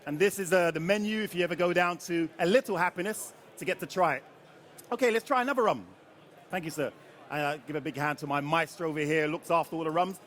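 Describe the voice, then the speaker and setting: A man's voice: on the high side, fast, fairly bright tone. A man leading a live rum tasting before an audience, chatty and jokey, often quizzing the crowd for tasting notes.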